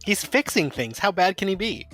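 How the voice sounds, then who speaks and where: A man acting as game master, explaining the rules in a relaxed, rambling way. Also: high voice, moderate pace, faint music behind. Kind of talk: narrating a tabletop game.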